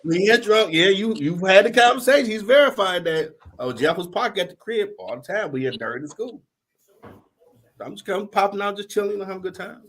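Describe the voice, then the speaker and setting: A man's voice: sits high, fairly quick. A middle-aged man, hosting a podcast and telling a story in casual slang, acting out the other people's lines. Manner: animated, slangy, acts out quoted voices. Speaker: podcast host.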